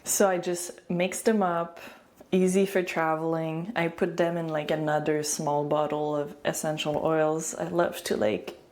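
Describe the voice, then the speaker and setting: A woman's voice: low-pitched, level tone, measured pace, a little mellow. A woman with a French accent giving a chatty, casual hair-care tutorial at home, with frequent fillers and giggles. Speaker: beauty and wellness vlogger.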